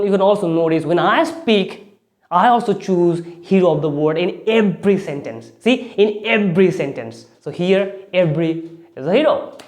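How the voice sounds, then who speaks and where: A man's voice: high-pitched, a little mellow. A man giving a spoken English lesson, often restarting phrases and leaning hard on key words. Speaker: English speaking teacher.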